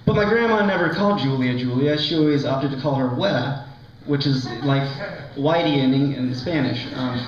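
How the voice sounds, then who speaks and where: Captured in a dull lo-fi recording from an echoey college lounge, a young stand-up comedian rambles, filling his set with likes and ums and self-deprecating jokes. He speaks at medium pitch and normal speed as the crowd laughs in the background.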